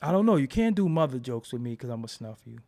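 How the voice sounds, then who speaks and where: A man's voice: mid-range voice, fast, vocal fry. A man in a casual, profane rant, talking emphatically and repeating himself when heated. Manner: animated, emphatic, swears freely, repeats words when heated.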